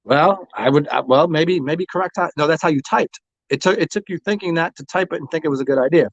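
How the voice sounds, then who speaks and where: A man's voice: fairly high pitch, fast, dry recording. A man hosting a livestream, arguing with chat viewers and repeating himself with frequent stammers. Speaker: livestream host. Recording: dull, lo-fi dry home recording.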